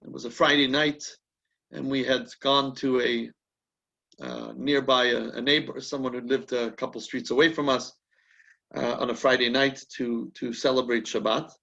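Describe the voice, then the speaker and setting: A man's voice: mid-range voice, normal speed, vocal fry, a bit bright, lo-fi sound. A man leading a rabbinic class, telling a story in a chatty way and often restarting his sentences as he thinks aloud. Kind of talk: conversational teaching with anecdotes.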